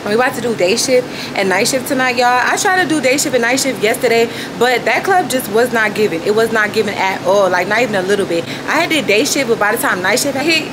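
A young woman vlogging casually to a phone camera in a room, chatty and animated, addressing viewers constantly with a hum from an air conditioner behind her. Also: on the high side, fast, few pauses. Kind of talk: casual vlog chat to camera.

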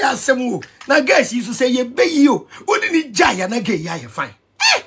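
A Ghanaian man ranting in an animated vlog commentary, excitable and mixing pidgin with Twi. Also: very high-pitched, normal speed. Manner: excitable, switching between pidgin and Twi, shouting and laughing. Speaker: vlogger.

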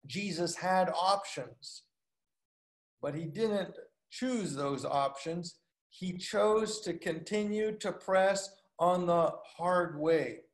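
A man preaching a sermon as a pastor, telling a story with halting pauses and fillers, lifting his voice for the dialogue. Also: high-pitched, roomy sound. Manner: storytelling, acts out dialogue with lifted voice; halting, many fillers and restarts. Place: recorded for a video call.

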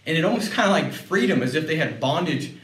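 A man giving a motivational sales talk, telling personal stories in a lively way and often repeating words as he goes. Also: a little high, fast talker. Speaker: sales leader speaking on a panel. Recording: roomy sound, mic at a distance.

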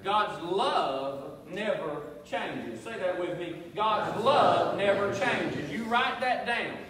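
Male pastor, high-pitched, preaching with call-and-response in a booming, reverberant sanctuary. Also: fairly bright tone. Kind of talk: sermon. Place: church sanctuary. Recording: echoey church hall, voice from far off.

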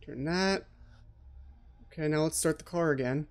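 A man's voice: a little high, takes it slowly, long pauses, darkish tone, slight background noise. A man giving horror game let's play commentary as the channel host, jumpy and anxious, often repeating his pleas.

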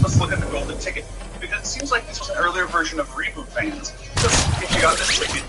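A man giving chatty, opinionated scripted narration for a gaming video. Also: fairly high pitch. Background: loud background music.

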